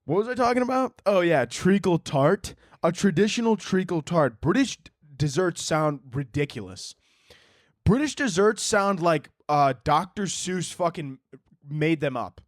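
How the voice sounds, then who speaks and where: A man's voice: high-pitched, animated, measured pace, no room sound, studio quality. Rambling young man, crude joking host. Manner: mock posh voices for imagined waiters. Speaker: podcast host. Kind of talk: casual solo podcast rant.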